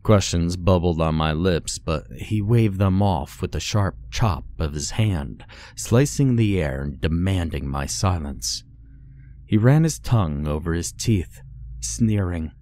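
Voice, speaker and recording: A man with a very low voice narrates a scripted horror story. He takes an unhurried, measured pace and builds tension with a dramatic storytelling manner. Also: animated, warm tone.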